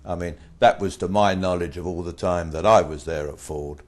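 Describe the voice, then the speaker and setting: Older guy from britain, really low voice, blunt storyteller getting loud on the punchlines. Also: moderate pace. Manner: blunt, animated anecdotes, voices rising in quoted retorts. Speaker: interviewee. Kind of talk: anecdotal storytelling.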